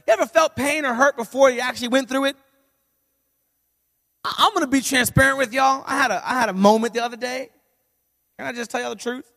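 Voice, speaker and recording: Male pastor, sermon; lively comic storyteller who builds to shouts; high voice with long hall reverb. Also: brisk, gravelly, pauses often. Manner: animated, humorous storytelling that swells into shouting.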